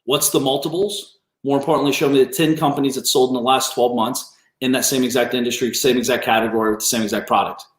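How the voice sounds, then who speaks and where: Speaking fast at a medium pitch in a steady tone, a man rants bluntly and confrontationally on his business coaching livestream, swearing a lot. The sound is echoey, as in a large room.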